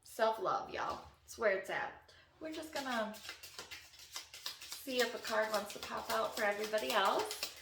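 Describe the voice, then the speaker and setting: A woman's voice: a little high, unhurried, long pauses, reverberant, distant mic, background noise. A woman wellness coach, talking unscripted and earnestly to camera, encouraging and sometimes emotional. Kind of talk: unscripted heartfelt talk to camera.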